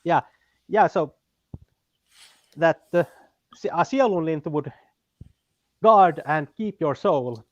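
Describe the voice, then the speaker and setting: A man with a Finnish accent talking as a guest in casual chat, pausing often with fillers and restarts. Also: fairly high pitch, animated, no echo, dull audio. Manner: halting, many fillers and restarts.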